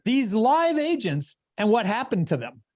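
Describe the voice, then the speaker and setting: Animated motivational sales coach man. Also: high voice, measured pace, dry recording, clean studio sound. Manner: animated, emphatic, preacher-like cadence.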